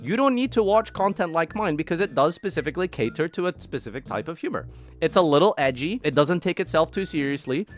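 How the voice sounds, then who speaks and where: A man's voice: a little high, expressive, fast, faint music behind. A man with a Scottish accent reacting to criticism of himself in casual commentary, sarcastic and exasperated, swinging into mock outrage. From Scotland.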